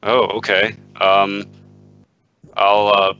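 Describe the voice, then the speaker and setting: A man's voice: lowish voice, little pitch movement, extremely slow, creaky, sharp tone, lo-fi sound, faint music behind. A man playing a tabletop game, hesitant and prone to restarting his words. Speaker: player.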